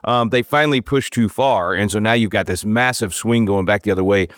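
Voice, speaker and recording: A man hosting an interview, talking casually with animated emphasis and frequent stammered restarts. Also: lowish voice, fairly quick, no room sound, studio quality. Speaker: interview host.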